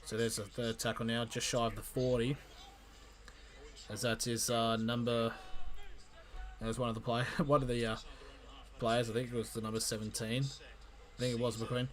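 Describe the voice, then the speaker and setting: A man calling a rugby league match live for his stream, in an amateur play-by-play style that jumps in excitement and often stumbles and corrects himself. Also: mid-range voice, moderate pace, long pauses. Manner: excitable, frequent restarts and self-corrections.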